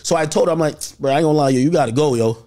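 A man telling a personal story in casual chat, animated and full of slang, acting out what others said. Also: a little high, very fast. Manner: animated, acts out quotes with slang.

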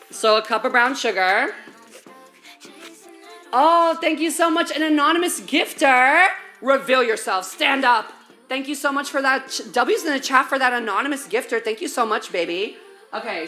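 A young woman with a highish, sharp voice streams herself baking in a home kitchen. She talks straight to viewers in slangy, profane valley-girl chatter.

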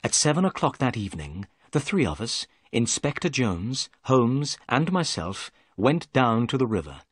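A man reading a graded story aloud for English learners in clear, measured narration. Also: medium pitch, big pitch swings, dry recording, studio quality. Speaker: story reader.

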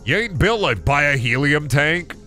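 A man's voice: fairly high pitch, lively intonation, normal speed, bright, forceful tone, faint music behind. A man streaming a video game live, rambling and mocking his chat and opponents, with lots of swearing. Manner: rambling, self-interrupting. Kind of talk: live gaming commentary.

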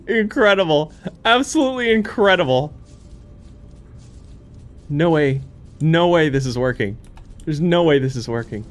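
A man playing a horror game on his channel, commenting excitedly with frequent laughter and panicky outbursts. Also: fairly high pitch, takes it slowly, long pauses. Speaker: gaming YouTuber. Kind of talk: let's play commentary.

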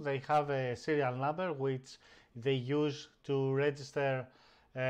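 A man hosting a casual live stream, narrating each step of a computer task as he does it. He speaks slowly at a middle pitch and stops often to search for words. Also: clean tone. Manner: hesitant, many fillers and restarts while operating the computer.

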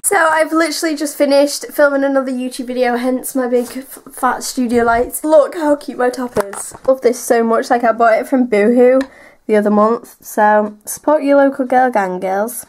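A woman's voice: high-pitched, moderate pace, a little mellow. A young woman vlogging her day at home, rambling in a casual, chatty way with lots of fillers. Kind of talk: casual daily vlog. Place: home, indoors and garden.

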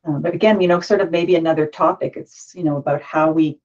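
A woman's voice: low-pitched, fairly even intonation, fast, a little mellow, dull audio. A woman moderating a panel discussion, thinking aloud with many restarts.

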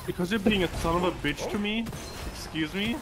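A man's voice: sits high, fairly quick, poor audio. A man talking over voice chat with a streamer, ribbing him with dry, needling banter. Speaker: friend on voice chat. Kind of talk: casual gaming chat. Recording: loud game music over voice chat. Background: loud game music and gunfire.

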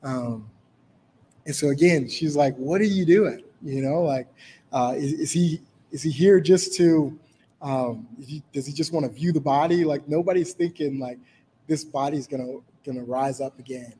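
Man teaching a Bible study, informal, lots of fillers, mellow tone, mid pitch. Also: normal speed, a little hiss or hum, low-quality recording. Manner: informal, many fillers, rephrases and reads scripture aloud.

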